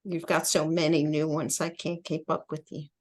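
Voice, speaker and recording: A woman hosting a virtual poetry reading, introducing readers in a relaxed, friendly way. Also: low voice, normal speed. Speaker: host. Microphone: video call.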